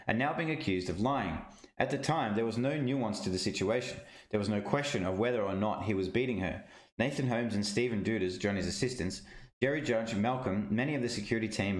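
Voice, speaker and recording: A man reading a first-person witness statement aloud in a steady, measured way. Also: fairly low pitch, roomy sound.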